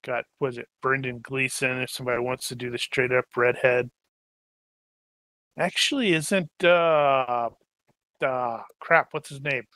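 Male game master, bright edgy tone, dry close mic, rambling and jokey. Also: mid-range voice, steady tone, unhurried, dry recording. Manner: rambling, joking, trails off searching for names. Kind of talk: casual chat while planning a tabletop game.

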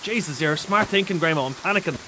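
A man streaming a survival game, chatting excitably with a teammate and shouting out viewers' chat messages. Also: fairly high pitch, fast talker, noisy background. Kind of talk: casual gaming livestream chat.

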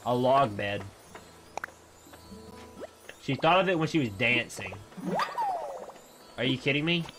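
A young man streaming a video game, reacting casually with frequent swearing and sudden excited outbursts. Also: medium pitch, takes it slowly. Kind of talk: casual gameplay commentary. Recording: game music behind.

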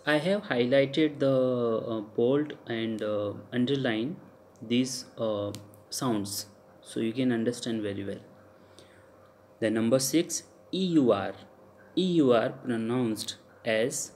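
A man's voice: medium pitch, slow pace, a little mellow. A man with an Indian English accent teaching French pronunciation in a recorded lecture. He repeats each example sound several times and hesitates with fillers.

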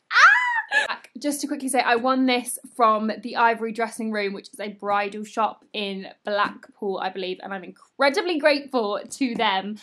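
Bright-voiced gushing woman vlogger. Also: mid-range voice. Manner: gushing, gasping, breathy asides. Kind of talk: excited unboxing vlog. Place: home room, indoors.

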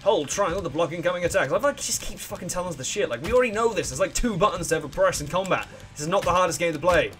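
Excitable, swearing man with a lively voice. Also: high-pitched, rapid-fire, few pauses, over music. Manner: profane, excitable and sarcastic, with mocking put-on voices. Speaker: let's play gamer. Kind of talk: casual gameplay commentary.

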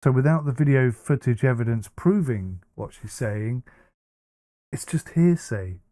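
A man's voice: medium pitch, a little slow, dark tone, no room sound, studio quality. A man hosting a reaction commentary, talking bluntly and casually with many fillers and restarts. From United Kingdom. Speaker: commentary host.

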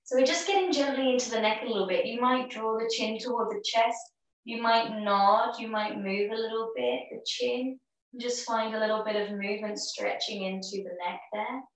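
Calm woman guiding yoga in echoey room. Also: on the high side, far from the mic. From Australia. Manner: calm, encouraging, cueing breaths. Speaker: yoga teacher. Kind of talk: guided yoga class instruction.

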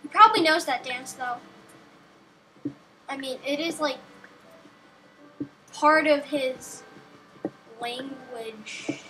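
A woman's voice: high voice, slow, pauses often, noisy background. A young woman giving casual, rambling gameplay commentary with a sarcastic streak, talking to herself and the game.

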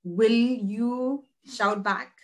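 A woman's voice: fairly high pitch, drawn-out words. A woman teacher giving an interactive class, asking her listeners questions and repeating herself as she explains. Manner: asks the class questions, repeats words, animated. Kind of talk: interactive online class talk.

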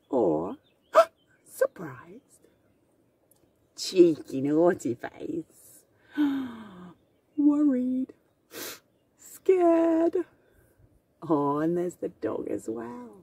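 A woman teacher reads a children's picture book aloud outdoors, gasping and laughing as she acts out each feeling. She talks very slowly, and her mellow voice swoops up and down. She sits some way from the mic, with faint noise behind her. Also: a little high, vocal fry, husky, dry recording, far from the mic. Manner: very slow, animated, acts out each emotion with gasps and laughs. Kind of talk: storybook reading for young learners. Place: outdoors in the mountains.

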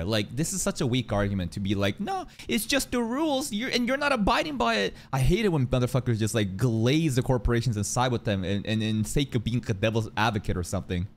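A man giving casual, blunt reaction commentary, swearing freely and arguing his point. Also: on the low side. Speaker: reaction streamer.

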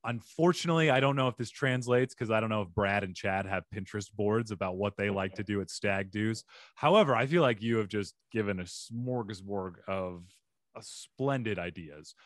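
A man's voice: lowish voice, normal speed, no echo, studio quality. A man hosting a comedy advice podcast, giving advice and signing off in an upbeat, chatty way. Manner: upbeat, animated sign-off patter. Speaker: podcast host. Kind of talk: casual podcast chat.

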